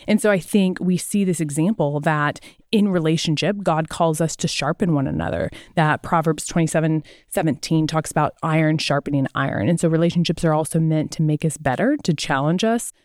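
A woman's voice: low voice, brisk, a little mellow, dry recording, studio quality. A woman co-hosting a casual faith podcast, talking earnestly and at length, retelling Bible stories with quoted lines. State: out of breath. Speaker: podcast co-host.

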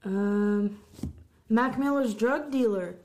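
Woman podcast co-host, casual news roundup, trips on a word now and then, mid-pitched. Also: darkish tone. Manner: reads headlines, stumbles on words, quick asides. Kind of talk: casual chat reading music news.

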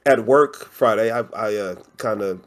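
A man co-hosting a casual podcast, telling a funny story with slangy, animated delivery and frequent laughs. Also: fairly low pitch, moderate pace. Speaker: podcast co-host. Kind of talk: casual chat.

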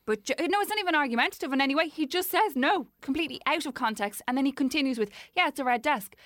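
Young Dublin Irish woman, casual co-host, quick to laugh, dry close-miked sound. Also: high-pitched, no echo. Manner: laughs often, animated storytelling. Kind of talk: casual chat.

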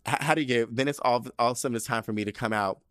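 A man hosting a casual solo podcast, sassy and animated, using slang and swearing, often jumping into high excited bursts. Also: rapid-fire, smooth, no echo, clean studio sound. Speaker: podcast host.

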